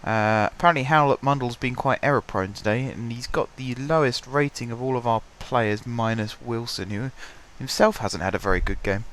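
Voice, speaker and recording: A man's voice: medium pitch, moderate pace, few pauses, fairly bright tone, slight background noise. Stuffy-voiced man commentating a game. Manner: chatty, self-deprecating, clears his throat often. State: stuffy, blocked-up voice. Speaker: gaming commentator. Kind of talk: casual let's-play commentary.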